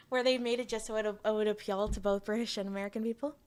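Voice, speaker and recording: A woman's voice: medium pitch, steady tone, fast, darkish tone. A woman from Canada streaming as a VTuber, chatting frankly with her chat and swearing freely. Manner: reads chat aloud and answers it. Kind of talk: casual livestream chat.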